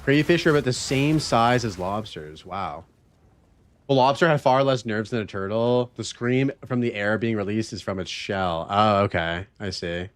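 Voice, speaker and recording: A man's voice: lowish voice, moderate pace. A man streaming a game, casually chatting with his viewers in a laid-back, rambling way. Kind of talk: casual gaming stream chat.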